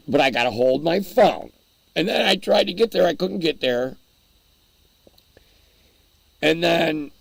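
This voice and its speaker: A man's voice: a little high, vocal fry, dry recording. A man hosting a casual livestream, rambling and chuckling as he answers his chat while eating. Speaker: livestream host.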